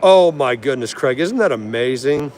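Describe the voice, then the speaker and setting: A man's voice: medium pitch, lively intonation, normal speed, darkish tone. A man hosting a live stream from an aviation museum, chatting with viewers and greeting each of them by name. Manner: chatty, friendly, answers chat by name. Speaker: livestream host.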